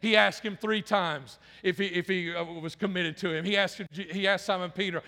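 A male pastor delivering an impassioned sermon in a high, bright, forceful voice. He stumbles over and repeats words as he drives each point home. A long reverb trails his voice around a large room. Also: animated, moderate pace, vocal fry, few pauses.

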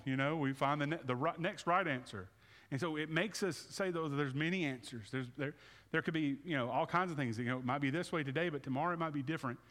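Casual pastor in a reverberant hall. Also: male voice, mid-range voice, a bit bright. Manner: conversational preaching with many restarts and repeated words. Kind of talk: sermon with altar call. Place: church sanctuary.

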